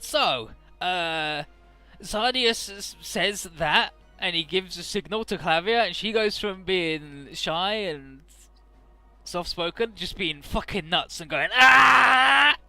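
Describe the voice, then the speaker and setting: A man chatting loosely through a video game, with a fairly high, very bright and sharp voice. He sums up story scenes in plain, offhand talk, dropping in swear words and quick acted quotes. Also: clear, resonant tone, no echo, faint music behind. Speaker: let's play commentator. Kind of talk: casual gameplay commentary.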